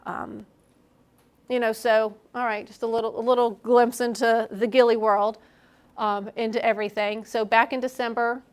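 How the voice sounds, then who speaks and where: A woman's voice: a little high, little pitch movement, normal speed, clean tone. A middle-aged woman giving a candid, conversational sermon to a young adults group, acting out her own inner voices as she goes.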